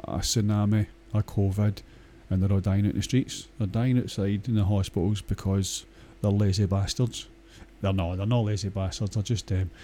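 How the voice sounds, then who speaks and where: A man's voice: on the low side, mellow, a little hiss or hum. A Scottish man talking in a casual, rambling monologue, blunt and crude, swearing often and hesitating with many fillers.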